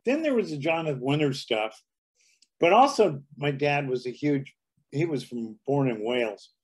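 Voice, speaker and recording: A man's voice: fairly high pitch, expressive, normal speed, breathy edge. A man in his seventies, a guest comedian telling anecdotes in a casual interview, slipping into dialect impressions. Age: 70s.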